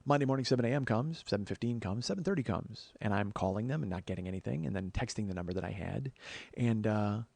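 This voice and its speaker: A man's voice: on the low side, fast, gravelly, darkish tone, dry recording. A man in his forties hosting a podcast, telling a comic story in a rambling way, full of stammered restarts and the odd swear word. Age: 40s. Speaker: podcast host.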